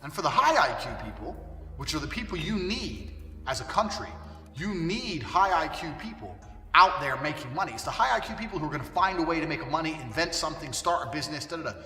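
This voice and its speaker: A man delivering a blunt, profane ranting monologue, his delivery forceful and swinging between loud and quiet. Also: a little high, sing-song, quick pace. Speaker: commentator on culture. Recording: distant, echoey room with long reverb and faint music.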